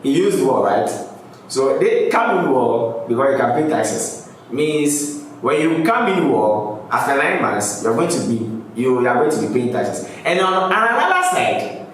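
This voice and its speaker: A man talks through rap lyrics one line at a time, chuckling as he goes. He sits some way from the mic in a very echoey room with a faint hiss of noise behind him. His pitch sits in an ordinary middle range. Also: animated, unhurried, distant mic. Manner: explains lyrics line by line, laughs often. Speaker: music reaction host. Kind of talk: casual reaction commentary. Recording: roomy echo, off-mic, faint background noise.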